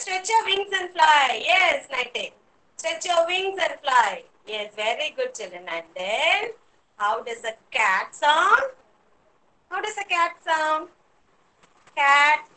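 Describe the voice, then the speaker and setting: Slow, bright-voiced Indian kindergarten teacher. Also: female voice, high-pitched, expressive, poor audio. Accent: Indian English. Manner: slow, clear, encouraging instructions to small children. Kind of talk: online class instruction.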